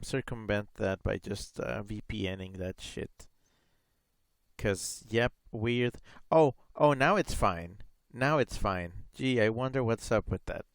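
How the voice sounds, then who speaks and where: A man's voice: mid-range voice, clean tone, dry recording. A man chatting casually on a live gaming stream, rambling with lots of fillers and reading chat messages aloud.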